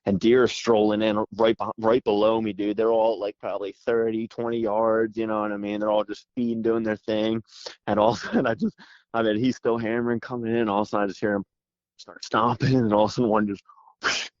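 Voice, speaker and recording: A man guest telling a story with excited energy, rambling fast and saying "dude" constantly, calling in by phone. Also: lowish voice, no room sound. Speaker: podcast guest. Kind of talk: animated storytelling. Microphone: phone call. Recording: dull phone line.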